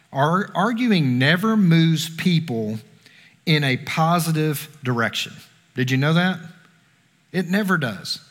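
Pastor guy, kinda high voice, chatty sermon in a big echoey church. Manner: conversational, asks the congregation questions. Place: church sanctuary. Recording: long reverb of a hall.

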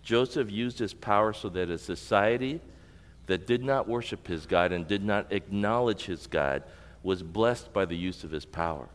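A man's voice: lowish voice, normal speed. A male pastor preaching a sermon, teaching and asking the congregation rhetorical questions. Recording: long reverb of a large hall.

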